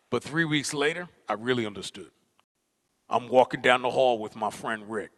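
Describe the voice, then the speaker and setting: A man from Newark, New Jersey, tells his story on a big auditorium stage, slangy and animated, talking straight to the crowd. His voice is bright and gravelly, with a long hall reverb trailing each line. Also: medium pitch, fairly quick. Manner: animated, slangy, addresses the audience. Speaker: spoken-word performer. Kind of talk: comic storytelling monologue. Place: large auditorium.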